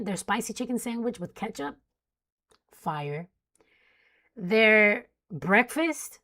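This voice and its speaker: A woman's voice: mid-range voice, fairly bright tone. A young woman hosting a casual live weather stream, reading out storm warnings and chatting with viewers while sleepy and yawning. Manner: chatty, reads warnings then jokes with chat. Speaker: weather livestream host.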